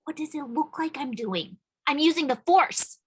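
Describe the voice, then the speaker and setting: A woman's voice: sits high, lively intonation, normal speed, pitched above the performer's own voice. A woman playing a dreamy, playful young child in a staged play reading. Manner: playful, coaxing.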